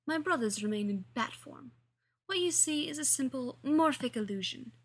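A woman's voice: high voice, animated, normal speed, slightly rough, voice pushed up, full character voice. A woman reading the lines of a smug, condescending male alien villain disguised as a human librarian, in a mannered way.

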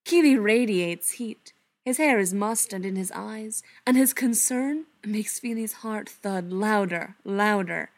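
Slow, soft-spoken woman reading a story. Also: medium pitch. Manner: soft, unhurried, often hushed. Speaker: reader. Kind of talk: storybook narration read aloud.

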